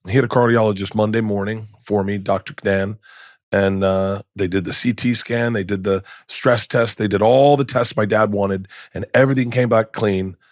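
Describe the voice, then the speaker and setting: A man's voice: lowish voice, fairly even intonation, moderate pace, no room sound, clean studio sound. A middle-aged man, a comedian guest, telling candid stories in a podcast interview, rambling and restarting, with emotion showing through.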